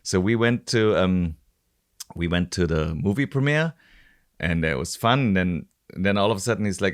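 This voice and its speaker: A man's voice: sits low, expressive, normal speed. A man of about forty from Germany with a German accent, a podcast host telling a rambling story in casual chat, full of restarts and fillers. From Stuttgart, Germany.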